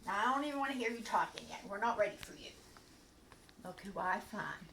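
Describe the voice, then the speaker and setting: An older woman who hosts a children's bedtime story show, chatting in an animated, sing-song way with puppets. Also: medium pitch, brisk, a little hiss or hum. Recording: echoey room.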